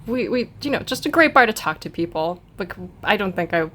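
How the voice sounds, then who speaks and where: A woman co-hosting a podcast, telling a travel story in a casual, animated way and laughing often. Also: medium pitch, fairly quick. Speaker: podcast co-host. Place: hotel room.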